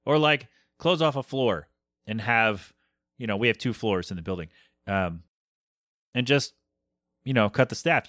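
A man's voice: medium pitch, expressive, measured pace, long pauses, fairly bright tone, no room sound, clean studio sound. A man hosting a podcast, chatting casually and ranting in an exasperated, rambling way. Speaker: podcast host. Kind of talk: casual solo podcast chat.

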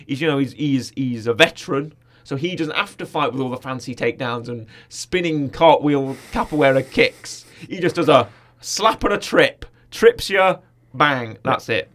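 A man's voice: mid-range voice, moderate pace, hardly any pauses, fairly bright tone. A man from the United Kingdom hosting a casual film chat and eagerly recounting scenes from the film. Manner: chatty, recounts scenes with quotes. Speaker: film podcast host.

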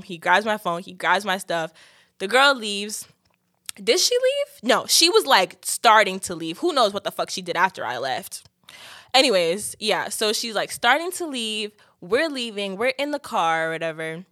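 A woman's voice: fairly high pitch, a little fast. A young woman tells a dramatic, profane story in casual storytime style. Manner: dramatic, profane, animated, slips into shrieking quotes. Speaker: vlogger.

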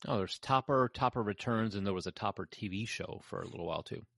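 A man's voice: lowish voice, quick pace, gravelly, a bit bright, no echo, clean studio sound. A man hosting a casual podcast chat, reading out film credits and trailing off mid-sentence. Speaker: podcast host.

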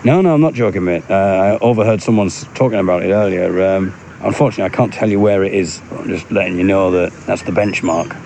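Know-it-all male park stranger, pitched a touch low, played by a man. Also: fast, vocal fry, a little mellow, a little hiss or hum.

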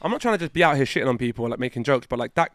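A man co-hosting a podcast in casual chat, excitable and fond of swearing. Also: medium pitch, no echo, clean studio sound. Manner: animated, swearing, fast and excitable. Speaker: podcast co-host.

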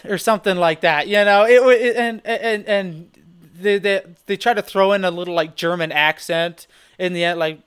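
A man co-hosting a podcast, rambling in animated, loose chat with lots of restarts. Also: sits high, moderate pace, clear, resonant tone. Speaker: podcast co-host. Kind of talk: casual chat.

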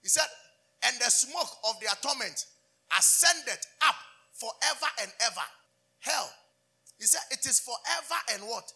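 Male pastor, high husky voice, fervent sermon delivery with call-and-response. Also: lively intonation, a little slow, pauses often, bright, forceful tone. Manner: fervent call-and-response preaching, switching between English and Twi.

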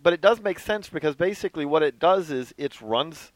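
Male co-host, conversational explainer, a touch high-pitched, dry recording. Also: animated, fairly quick, dry recording, rough recording. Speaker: baseball podcast co-host. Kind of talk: casual sports chat.

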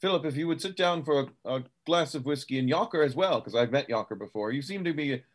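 A man voicing a curious, formal frontier gentleman who speaks in hesitant, genteel phrases. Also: fairly high pitch, lively intonation, fast. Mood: confiding.

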